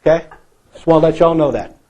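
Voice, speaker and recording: A man's voice: fairly high pitch, fast, mellow, low-quality recording. A male pastor preaching a sermon in a church, emphatic and repetitive, asking the congregation rhetorical questions.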